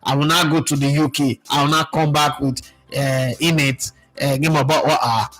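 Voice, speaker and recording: Animated Nigerian man with a high voice. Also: moderate pace, faint music behind. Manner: animated, rhetorical questions, jumps up in pitch. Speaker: sports channel host. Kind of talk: casual opinion commentary.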